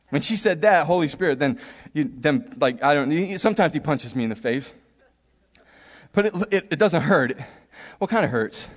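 Animated pastor with a bright voice. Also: male voice, a little high, moderate pace, in a large hall. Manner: animated, acts out voices, laughs often. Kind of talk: sermon.

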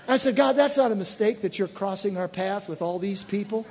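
A man preaching as a pastor, telling stories in an animated, exclaiming way. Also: sits high, moderate pace, vocal fry. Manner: animated, exclaiming storyteller with bursts of excitement. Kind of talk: sermon storytelling. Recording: church hall reverb.

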